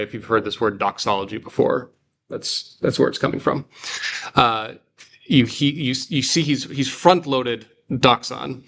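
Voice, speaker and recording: A man's voice: mid-range voice, a bit bright. A man leading a guided reading class, explaining step by step with frequent fillers and restarts. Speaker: Greek teacher.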